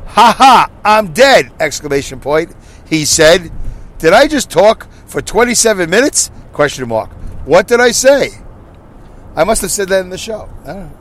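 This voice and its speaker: A man's voice: fairly high pitch, slight background noise, poor audio. Rambling man podcasting from his car. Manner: rambling, self-mocking, with many restarts. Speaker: podcast host. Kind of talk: casual chat, reading listener comments. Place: inside a car while driving.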